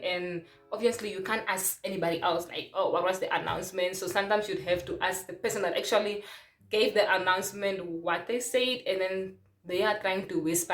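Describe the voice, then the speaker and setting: Young woman vlogging in an echoey room. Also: medium pitch. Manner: chatty, searches for words aloud. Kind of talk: casual vlog chat to camera. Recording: roomy echo.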